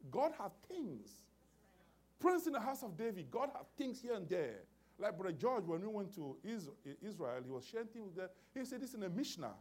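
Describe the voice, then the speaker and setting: A male preacher delivering a sermon with a lively pitch that climbs and dips. He speaks with emphasis, restarts his sentences and repeats key phrases. He keeps checking in with the congregation by calling for an amen.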